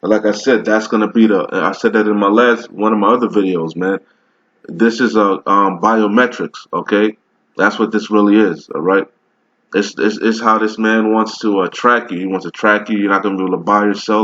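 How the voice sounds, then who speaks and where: A man's voice: fairly low pitch, fairly even intonation, brisk, a bit bright, lo-fi sound. A man giving casual, emphatic religious commentary over a video, rambling and often asking "all right?". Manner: rambling with many restarts while browsing.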